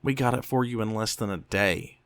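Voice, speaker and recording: A small grinning demon speaks in a honeyed, soothing voice that is oddly fatherly, as a male narrator puts him on. The voice sits very low and smug. The recording is dry and close. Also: normal speed, no room sound, natural voice.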